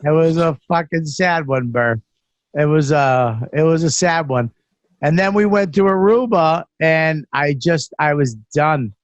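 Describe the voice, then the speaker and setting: A man hosting a podcast, telling rambling self-mocking stories full of swearing and false starts. His voice sits a little higher than most men's. The sound is dry and close. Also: a little slow, dry recording, lo-fi sound. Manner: profane, self-deprecating storytelling with many restarts. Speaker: podcast host. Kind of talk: casual chat.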